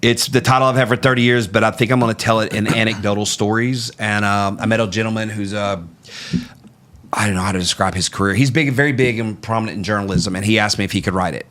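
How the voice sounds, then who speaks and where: A man's voice: lowish voice, fast talker. Candid storytelling man, podcast guest. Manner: candid and animated, laughs at his own stories.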